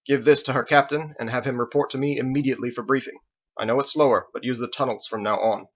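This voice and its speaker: A man's voice: medium pitch, fairly even intonation, fast talker, natural voice. A man voicing a stern military commander who gives firm, clipped orders, in a dull lo-fi recording. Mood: commanding.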